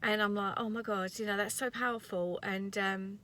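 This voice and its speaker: A woman's voice: medium pitch, steady tone, normal speed, bright, forceful tone, slight background noise. Earnest woman vlogging from a car. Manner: earnest, rambling, tearful at times. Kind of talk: emotional motivational vlog. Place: parked car.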